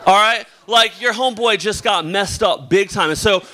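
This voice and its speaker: A man's voice: sits high, moderate pace, sharp tone. A young man preaching a sermon, praying and then telling a casual story full of "like" and filler words. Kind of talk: sermon with opening prayer and personal story. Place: church or youth service hall.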